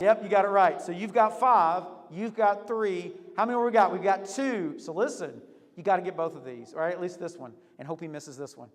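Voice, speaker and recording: A man hosting a lively game for a group, upbeat and teasing, laughing often. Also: sits high, a little fast, in a large hall. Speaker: youth leader hosting a game.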